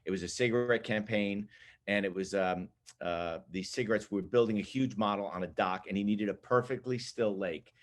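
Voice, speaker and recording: A man, a photographer, telling a lively story about his assistant days in casual group chat over a video call. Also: fairly low pitch, brisk. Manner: animated, lively storyteller who laughs at his own story.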